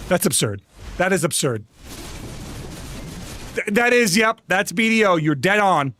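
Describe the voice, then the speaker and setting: A man streaming a game live, chatting to viewers, quickly swinging between laughter and angry outbursts. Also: a little high, very animated, a bit bright, slight background noise.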